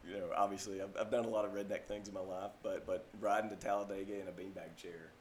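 A man's voice: low-pitched, flat delivery, quick pace, a little mellow, slight background noise. A man in his thirties with a Southern US accent, chatting casually as a podcast co-host and telling rambling stories. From Mississippi, US. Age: 30s. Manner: rambling storyteller, heavy on filler "like". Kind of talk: casual chat.

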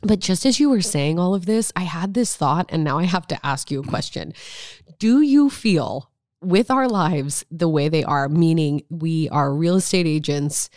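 Brief: woman podcast co-host, lower voice, quick reactions, dry recording. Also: expressive, a little mellow, dry recording. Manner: reactive, quick exclamations and laughter. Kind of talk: casual chat.

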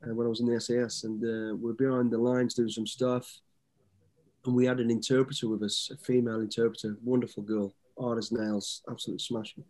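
Mellow-voiced man in his fifties. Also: medium pitch, flat delivery, fairly quick. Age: 50s. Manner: easygoing, rambling anecdotes with many restarts. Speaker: guest. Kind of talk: casual storytelling interview.

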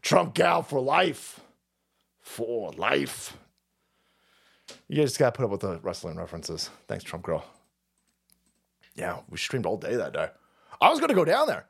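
A man's voice: mid-range voice, wildly swooping pitch, measured pace, creaky, pauses often, a bit bright, husky. A man hosting a livestream, ranting about politics in a profane, rambling way and laughing often. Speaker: livestream host.

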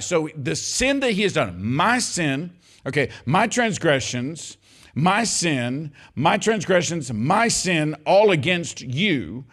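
Older male pastor, slightly high voice, emphatic, conversational sermon delivery. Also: big pitch swings, a little slow, fairly bright tone, slightly rough. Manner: emphatic, conversational preaching, addressing congregation as y'all.

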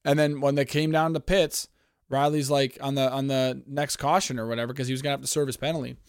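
A man's voice: mid-range voice, flat delivery, fast talker, clean tone, no echo, clean studio sound. A man from Canada hosting a casual sports podcast, ranting in a profane, heated, rambling way. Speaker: podcast host.

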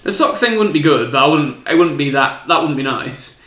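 Casual podcast guest, male, higher bright voice, emphatic, echoey room. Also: brisk. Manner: animated, laughing, emphatic. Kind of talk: casual chat.

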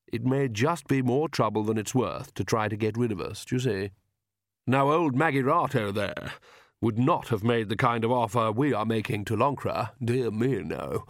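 A man voicing a polite, dandyish young male vampire who speaks smoothly with light mockery, in a read-aloud fantasy story. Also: medium pitch, dry recording, studio quality.

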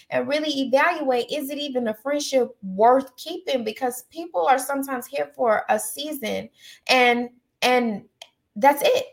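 A woman hosting a casual chat podcast, outspoken and emphatic, repeating phrases to drive a point home. Her voice sits fairly high and has a gravelly, fry-tinged edge. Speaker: podcast host. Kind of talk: casual chat giving advice.

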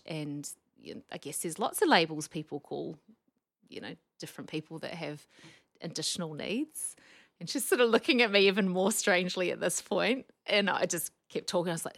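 A woman, a speech pathologist guest, telling lively anecdotes and laughing often. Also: on the low side, moderate pace, vocal fry. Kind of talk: casual storytelling chat.

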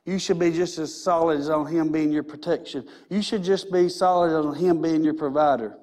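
A man's voice: a little high, steady tone, normal speed, a little mellow. A man preaching a sermon in a church, emphatic and repetitive, with many rhetorical questions. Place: church sanctuary.

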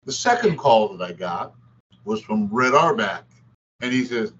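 A man's voice: lowish voice, measured pace, a little hiss or hum. An older man, a former basketball player, telling stories in an interview and acting out the quotes. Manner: animated storyteller, acts out quotes. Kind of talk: storytelling interview. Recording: dull lo-fi sound.

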